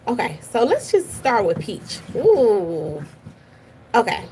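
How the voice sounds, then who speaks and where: A woman's voice: a little high, huge pitch swings, slow, a little mellow, a little hiss or hum. A woman hosting a casual live stream from her office at work, chatty and gossipy, greeting viewers by name.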